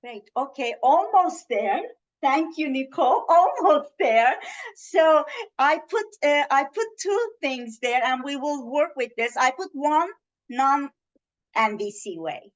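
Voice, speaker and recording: A woman's voice: high voice, lively intonation, slow. A woman presenting an interactive webinar on communication, encouraging her audience and acting out example lines.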